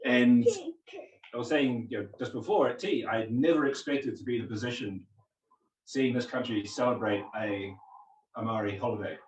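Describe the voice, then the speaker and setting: A man's voice: mid-range voice, moderate pace, highs cut off, a little hiss or hum. Man with an English-tinged accent, roomy hall. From New Zealand. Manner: chatty, self-deprecating, hesitant. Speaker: guest speaker, physics lecturer. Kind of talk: public talk to a community gathering. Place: meeting house. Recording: roomy hall, distant mic.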